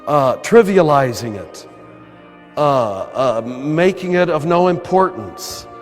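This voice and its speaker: Older American man, priest, throaty, fairly high voice, live hall reverb, soft music under it. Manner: earnest, conversational, chuckling now and then. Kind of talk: spiritual talk to a live audience.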